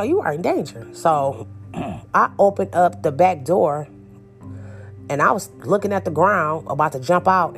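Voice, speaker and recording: Young woman, animated and slangy storytelling. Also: on the low side. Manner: animated, acts out quotes, slangy. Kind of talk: casual storytelling.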